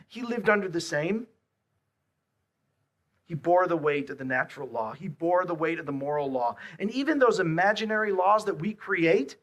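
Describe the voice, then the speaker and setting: A man preaching a sermon, swinging between hushed, quiet lines and loud, emphatic repeated questions. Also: on the high side. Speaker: pastor.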